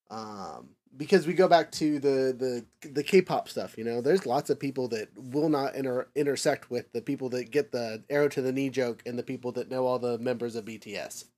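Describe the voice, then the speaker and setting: A man's voice: mid-range voice, darkish tone. Rambling man hosting a podcast. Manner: rambling, filler-heavy, self-correcting; nerdy, laughs at own tangents. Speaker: podcast host. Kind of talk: casual discussion podcast.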